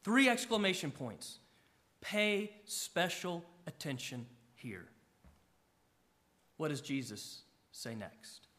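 Bright, high-voiced preaching man. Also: slow, pauses often. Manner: animated preaching with emphatic rises and soft drops. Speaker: pastor. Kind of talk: sermon.

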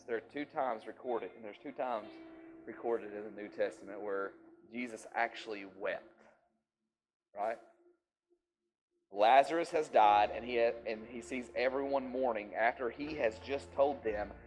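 A man preaching a sermon who moves from quiet, hushed passages to loud, emphatic outbursts and keeps asking his listeners if they follow him. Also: fairly low pitch, rough recording. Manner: swings from hushed to loud and emphatic, asks the crowd questions. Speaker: pastor.

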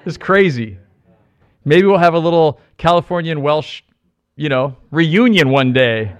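A middle-aged American man preaching a sermon, animated, repeating phrases for emphasis and joking with the congregation. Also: a little high, measured pace, muffled recording. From United States. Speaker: pastor.

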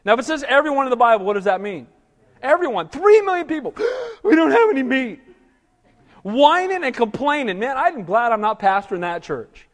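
A man preaching a sermon as pastor, animated, asking rhetorical questions and acting out whiny voices. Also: very high-pitched, fairly quick, in a large hall.

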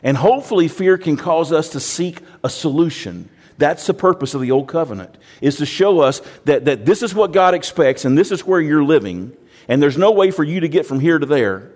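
A man's voice: on the high side, animated, normal speed, darkish tone. A male pastor preaching a sermon in a plain-spoken way, often repeating words and acting out quoted voices.

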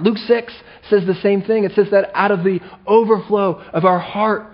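A male pastor preaching a sermon with animated delivery and playful asides, on a dull lo-fi recording. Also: high voice, moderate pace.

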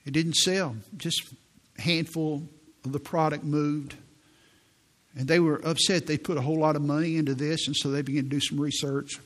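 A man in his sixties, a pastor preaching a sermon in a church, telling stories in an earnest way and slowing down for quoted prayers. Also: a little high, fairly even intonation, a bit bright. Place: church sanctuary.

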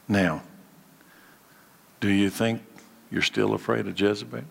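A man's voice: fairly low pitch, steady tone, a little slow, creaky, husky, long reverb tail. A man preaching a sermon, asking many rhetorical questions and acting out the dialogue in the story. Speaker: pastor.

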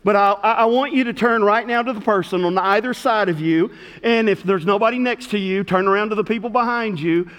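A middle-aged man preaching as pastor to a congregation in a church, swinging between loud calls and hushed words. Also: high voice, a little fast. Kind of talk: sermon. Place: church sanctuary. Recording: long hall reverb.

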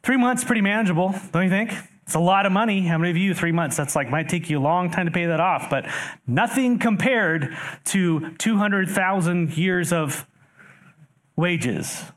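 A man preaching a sermon, reading scripture verses aloud and explaining them, addressing the congregation directly with animated rises for emphasis and rhetorical questions. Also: high voice, moderate pace. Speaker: pastor.

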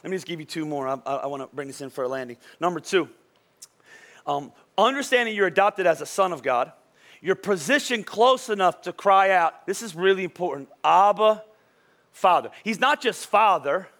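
A man in his thirties preaching a sermon as pastor, telling stories in an animated way and often tossing "right?" to the congregation. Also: high-pitched, fairly quick. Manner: animated storytelling, frequent "right?" asides.

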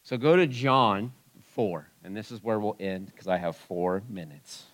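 A man preaching a sermon in a church, moving from soft asides to loud exclamations. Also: lowish voice, unhurried. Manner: animated, swings from soft asides to loud shouts. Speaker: pastor.

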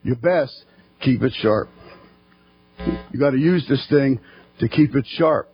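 A man preaching a fervent sermon in church, his voice rising to shouting at its peaks. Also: medium pitch, measured pace, dull audio, faint music behind.

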